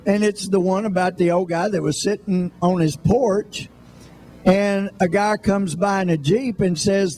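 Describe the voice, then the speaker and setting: High-voiced congressman telling folksy stories. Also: fairly even intonation, unhurried, a little mellow. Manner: folksy storytelling with jokes. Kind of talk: live radio interview.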